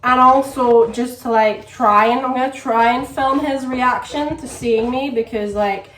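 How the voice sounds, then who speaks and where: A woman's voice: on the high side, steady tone, measured pace, fairly bright tone, slight background noise. A young woman, chatting casually to camera for a vlog, rambling and full of "like". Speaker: vlogger. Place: home kitchen. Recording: echoey room.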